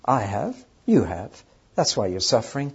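A man voicing a gentle, pious elderly sage who pleads calmly and persuasively. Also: lowish voice, normal speed, breathy edge, exaggerated voice. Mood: gently pleading. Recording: dull lo-fi recording.

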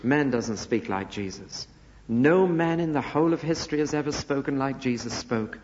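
A male preacher delivers a sermon in an emphatic style, firing off rhetorical questions and letting his voice swing up and fall away for effect. His pitch sits in a middling range. The sound is dull and lo-fi, with long reverb from a large hall. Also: normal speed, darkish tone. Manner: emphatic, rhetorical questions, dramatic rises and drops. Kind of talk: expository sermon.

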